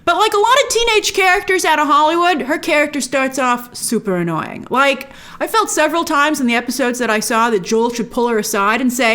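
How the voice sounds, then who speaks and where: A woman hosting a casual, opinionated TV review, chatty and animated, acting out quick asides. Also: sits high. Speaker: host reviewing a TV series.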